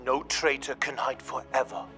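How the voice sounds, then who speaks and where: A man playing a monotone clone commander. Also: mid-range voice, normal speed, over loud music, close to an everyday voice. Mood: cold, flat. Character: stern, devoted male clone commander.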